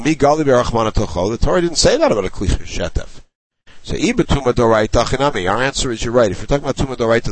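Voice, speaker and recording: A man's voice: medium pitch, no room sound, poor audio. A man giving a Talmud lesson, reading short Aramaic phrases and explaining each one in English, often in a stop-start way. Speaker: Talmud teacher.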